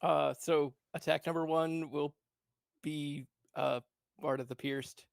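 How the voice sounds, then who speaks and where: A man's voice: a little high, level tone, slow, creaky, no room sound, studio quality. A man playing in a tabletop game, reading out rules with hesitant fillers. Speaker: player. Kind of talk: casual tabletop play.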